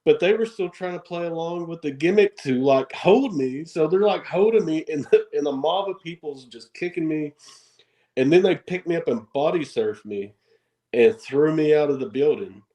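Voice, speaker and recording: A man, a wrestler guest on a podcast, telling stories in an animated way, acting out quotes and laughing often. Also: a little high, normal speed, low-quality recording. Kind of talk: casual storytelling interview.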